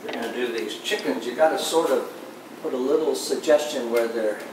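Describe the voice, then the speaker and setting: A man talking through his painting step by step, musing softly to himself as he works. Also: medium pitch, fairly quick. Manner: soft-spoken, musing to himself while he paints. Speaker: painting instructor. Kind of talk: relaxed painting commentary. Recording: very echoey room, voice far from the mic, clear background noise.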